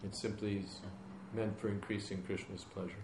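Male spiritual teacher, lowish voice, calm plain explaining in a roomy hall with faint hiss. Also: normal speed. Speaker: spiritual teacher answering questions. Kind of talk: question-and-answer class. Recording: echoey room with background noise.

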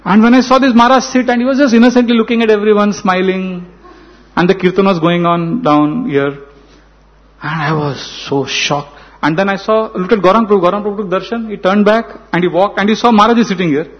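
A man with an Indian accent tells a story as part of a spiritual talk, animated and acting out the dialogue. His voice sits high for a man. The recording is dull and lo-fi. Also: brisk. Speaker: spiritual speaker. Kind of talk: storytelling sermon.

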